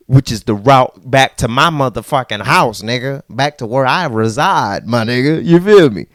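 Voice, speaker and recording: Man, podcast host, casual storytelling, fairly high voice, swings his pitch widely, acts out the people in his story. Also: no room sound, clean studio sound. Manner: animated and profane, acting out the people in his story.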